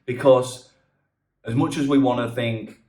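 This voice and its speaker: A man's voice: medium pitch, fairly even intonation, a little slow, darkish tone. A man giving earnest, rambling advice in a casual vlog monologue, often restarting his sentences. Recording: echoey room.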